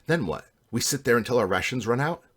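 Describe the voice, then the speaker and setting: A man voicing a young woman adventurer who speaks in a brisk, practical way. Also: medium pitch, expressive, a bit bright, slightly rough. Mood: upbeat.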